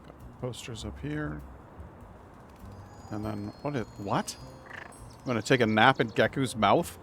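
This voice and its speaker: A man's voice: medium pitch, unhurried, gravelly, fairly bright tone, soft background music. A man livestreaming a video game, chatting playfully and reading dialogue aloud, slipping into silly voices for characters. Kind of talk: casual gameplay commentary with read-aloud dialogue.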